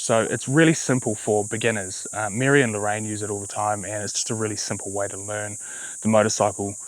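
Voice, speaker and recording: A man with a New Zealand accent giving a relaxed, chatty review of a small motorbike, with fillers and self-corrections. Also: on the low side, no room sound, rough recording. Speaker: vlogger. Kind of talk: casual vehicle review.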